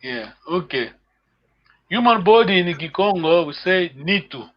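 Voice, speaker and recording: A man's voice: high-pitched, sing-song, a little slow, highs cut off. A man from Congo, teaching a live online language lesson over a video call. He explains patiently and repeats words for his students to echo.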